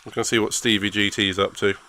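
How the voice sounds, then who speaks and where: A man's voice: fairly low pitch, level tone, fast, bright, forceful tone. A man chatting casually while streaming a racing game, rambling and grumbling at himself with self-mocking asides.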